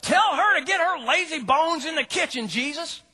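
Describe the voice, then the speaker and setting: A man voicing a frantic, overworked woman who complains shrilly and shouts. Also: very high voice, very animated, drawn-out words, big-room sound, voice pushed up, heavily acted. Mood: indignant.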